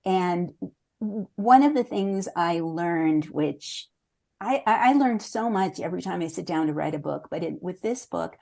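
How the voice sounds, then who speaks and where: A woman in her sixties talks through her writing life as an interview guest. Her voice sits a little low and sounds warm and mellow. She speaks earnestly and reflectively, sometimes restarting her sentences. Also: lively intonation, a little slow, creaky. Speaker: memoir author, interview guest. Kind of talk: conversational interview answers.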